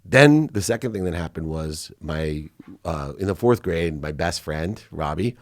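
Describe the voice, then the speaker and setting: A man's voice: low-pitched, animated, a little slow, no echo, studio quality. A middle-aged man, a podcast guest, telling candid personal stories with feeling, choking up at times.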